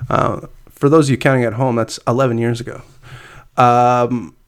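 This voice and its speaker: A man's voice: mid-range voice, steady tone, moderate pace, smooth. A man co-hosting a casual chat, reading news items aloud with frequent "uh" fillers and easy laughter. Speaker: podcast co-host reading crypto news.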